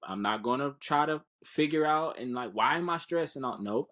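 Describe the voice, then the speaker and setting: A man's voice: medium pitch, expressive, normal speed, hardly any pauses, fairly bright tone. A man speaking as a guest in a casual podcast interview, earnest and encouraging, often repeating words while he finds them.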